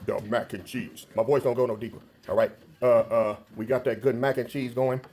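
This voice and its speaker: A man's voice: mid-range voice, fairly even intonation, fairly quick, mellow. Male home cook, casual and chatty, showing his food on camera. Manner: easygoing, chatty, proud showing off dishes. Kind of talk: casual filmed chat.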